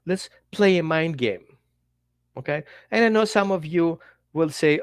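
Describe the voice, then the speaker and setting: A man with a fairly high voice teaches dog owners in an animated, direct way, talking straight to the viewer. His English has a slightly non-native turn of phrase, and he acts out little quotes as he goes. The sound is dry and close, with no room echo. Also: a little slow, clear, resonant tone. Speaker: dog trainer. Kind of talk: direct-to-camera teaching talk.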